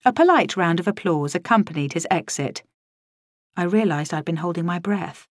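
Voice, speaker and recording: A woman narrating a story in the first person, in a wry, lively storytelling manner, close to the mic. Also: on the low side, moderate pace, no room sound.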